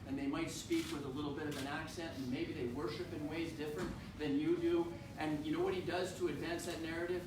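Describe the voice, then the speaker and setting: An impassioned man gives a campaign speech in a very echoey room, picked up from a distance with a lot of background noise. His voice sits a little high, and he slows down to hammer home key points. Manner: impassioned, emphatic, slowing for stress. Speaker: congressman. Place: indoor town political rally.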